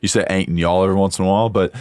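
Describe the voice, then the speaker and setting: A man's voice: deep voice, fairly even intonation, rapid-fire, darkish tone, dry recording. A young man from the United States with a mixed American and Australian accent, telling stories loosely in casual chat full of fillers. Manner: laid-back storyteller, lots of fillers. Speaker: podcast host.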